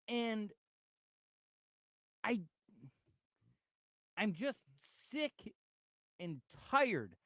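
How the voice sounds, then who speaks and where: A man's voice: high-pitched, dry recording, clean studio sound. A man hosting a sports radio talk show, chatting casually and reading out comments from the chat. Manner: animated, reads out chat comments.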